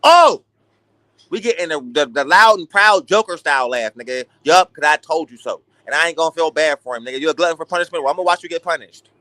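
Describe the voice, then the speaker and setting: A man with a high, bright voice rants through a late-night boxing talk stream. He swears freely and swings between hype and mockery. The sound is dry and close. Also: quick pace, no echo. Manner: animated, profane, ranting. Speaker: boxing talk show host. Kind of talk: casual livestream rant.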